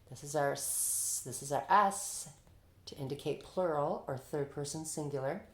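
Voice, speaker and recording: A woman's voice: sits low, gravelly, a little mellow, roomy sound. A woman teacher explaining to other teachers how to teach a reading term, acting out student answers and praise in an upbeat way.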